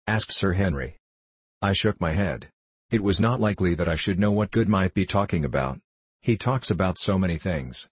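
A man reading an audiobook in a measured storytelling way. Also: low voice, expressive, husky, no echo. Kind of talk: audiobook narration.

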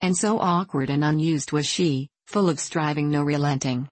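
A woman narrating a classic novel in a measured, even reading, giving the dialogue gentle voices. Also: low voice, dry recording, poor audio. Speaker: audiobook narrator.

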